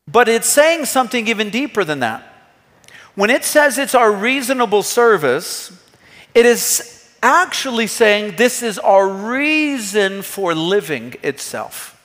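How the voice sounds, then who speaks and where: High-voiced preaching man in a reverberant hall. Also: big pitch swings, unhurried, a bit bright. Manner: earnest, emphatic preaching with rhetorical questions. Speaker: pastor. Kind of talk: sermon. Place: church hall.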